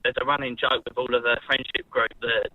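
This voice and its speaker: A man's voice: medium pitch, flat delivery, fairly quick, no echo, narrow, tinny audio. An Australian man calling in to radio, telling a story in a laid-back way. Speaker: caller. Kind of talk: phone-in chat.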